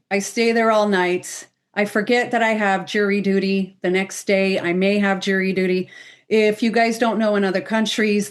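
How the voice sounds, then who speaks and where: A woman, a medium, telling personal stories to a podcast panel with lively exclamations. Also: medium pitch. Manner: animated storyteller, exclamations.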